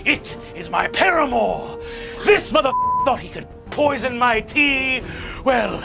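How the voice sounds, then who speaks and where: A man's voice: extremely high pitch, sing-song, slow, creaky, exaggerated voice. A man doing a manic, ranting old wizard. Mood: boastful shouting. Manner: ranting, shouting, swearing. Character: manic old male wizard headmaster, profane. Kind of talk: tabletop role-play acting. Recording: music playing behind.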